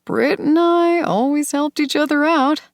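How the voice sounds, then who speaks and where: A woman voicing a smooth, manipulative man in an audiobook thriller, speaking softly and coaxingly. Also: sits high, measured pace, dry recording, clean studio sound, pitched above the performer's own voice. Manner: soft, coaxing, sinister calm. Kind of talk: audiobook character voice.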